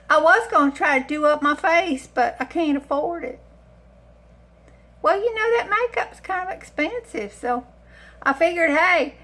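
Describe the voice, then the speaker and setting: A woman's voice: high-pitched, sharp tone. A woman chatting casually to camera in her home kitchen, rambling and self-mocking. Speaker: cooking vlogger.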